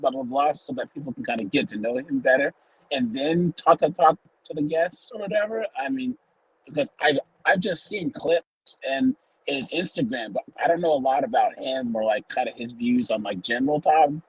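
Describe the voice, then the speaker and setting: A man's voice: mid-range voice, slightly rough, rough recording. A man on a podcast panel giving rambling, joking feedback. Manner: rambling, joking, many fillers. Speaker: panel guest. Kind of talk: casual reaction chat.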